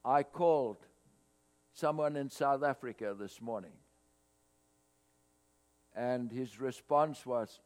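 A man preaching a sermon to his congregation, swelling louder on scripture quotes. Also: mid-range voice, slow pace, pauses often. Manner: expressive preaching, rising loud on scripture quotes. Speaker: pastor. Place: church hall, cold morning. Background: mains hum.

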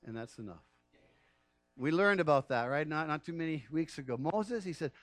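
A man preaching a sermon as pastor, animated and acting out the quoted voices, often laughing and swinging from loud emphasis to hushed asides. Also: fairly high pitch, normal speed, no echo, faint music behind. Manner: animated, rises loud on key phrases and drops to near-whispers; acts out quoted speech of Moses and God.

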